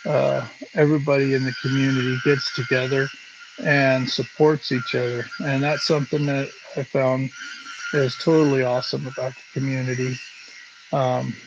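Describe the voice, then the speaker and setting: Slow, halting man in a workshop. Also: mid-range voice, highs cut off. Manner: slow, halting, lots of fillers. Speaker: live stream host. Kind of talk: casual live stream chat while working. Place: home workshop. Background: buffing wheel hum.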